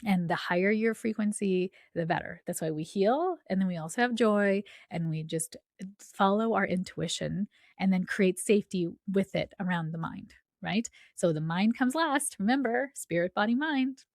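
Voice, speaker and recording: Gravelly-voiced chatty woman podcaster. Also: mid-range voice, normal speed, no room sound, studio quality. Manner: chatty, often asks "right?". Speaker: podcast host and coach. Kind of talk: casual spiritual podcast talk.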